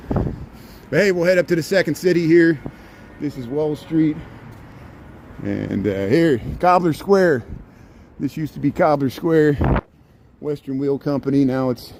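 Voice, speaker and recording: A man's voice: medium pitch, darkish tone. Male streamer on a walking tour, sarcastic rambler, phone mic outdoors. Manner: chatty, sarcastic stream-of-consciousness rants. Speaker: livestream host. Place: outdoors on city streets. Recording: faint street noise.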